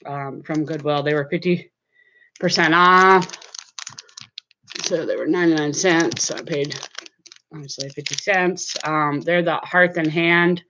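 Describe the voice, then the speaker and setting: A woman's voice: low voice, steady tone, measured pace, pauses often, sharp tone, dull audio, a little hiss or hum. A woman hosting a casual live stream from her home desk, chatting straight to her viewers.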